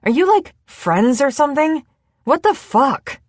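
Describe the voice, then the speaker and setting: A woman voicing a giddy, tipsy young adult chef in an audiobook, talking in a playful, animated way. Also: medium pitch, a little slow, no room sound.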